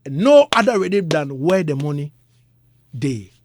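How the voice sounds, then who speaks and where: Male radio host, high, bouncy voice with grit, chuckles between questions. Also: very animated, measured pace, a little mellow, slight background noise. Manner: laughs often, affirms with frequent mm-hmms. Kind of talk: casual radio interview.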